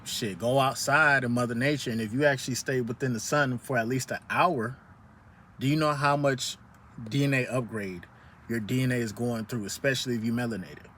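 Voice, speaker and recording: A man's voice: mid-range voice, fairly even intonation, fairly quick, a bit bright, slight background noise. A man vlogging outdoors in the sun, giving a profane, preachy motivational rant with lots of repetition.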